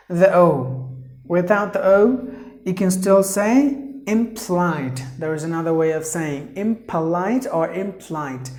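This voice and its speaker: Slow, deliberate male pronunciation teacher. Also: high voice, a little mellow, reverberant. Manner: slow, deliberate, breaks words into syllables; repeats words for emphasis, many fillers. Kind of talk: pronunciation lesson.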